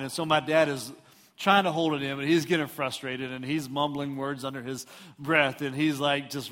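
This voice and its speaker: Middle-aged Houston preacher, a touch high, animated storyteller, long hall echo. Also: male voice, fast. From Houston, Texas. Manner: animated, self-mocking storyteller who acts out voices. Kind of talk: storytelling sermon. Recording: reverberant hall.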